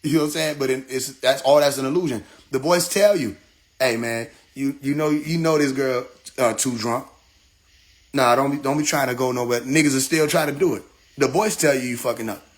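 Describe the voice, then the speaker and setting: A man's voice: mid-range voice, fairly quick. A middle-aged man talking casually on a livestream, telling stories with playful voices and laughter. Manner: animated storytelling with playful mimicry and laughter. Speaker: livestream host.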